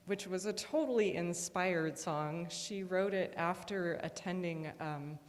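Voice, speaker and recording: A woman music teacher talks to a congregation in a casual, enthusiastic way, dropping in frequent ums. Her voice sits a little low. It rings out with the long reverb of a large fellowship hall. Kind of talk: casual speech at a church service.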